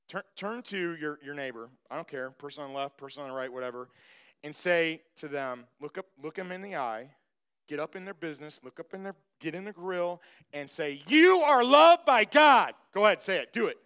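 A man's voice: on the high side, fairly quick, a bit bright, clean tone. A man preaching a sermon as pastor, emphatic, repeating phrases and speaking straight to the congregation.

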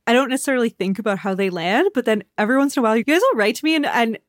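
A woman's voice: a little high, lively intonation, rapid-fire, no echo, studio quality. Chatty young woman podcast host. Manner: chatty, self-deprecating, frequent "um" and "like". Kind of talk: casual chat. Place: her living room at home.

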